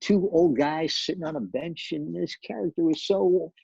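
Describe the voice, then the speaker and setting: Gravelly older man telling stories. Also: a little high, moderate pace, darkish tone, no echo, muffled recording. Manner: anecdotal, many restarts and repeated words. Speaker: television director, guest. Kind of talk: storytelling interview.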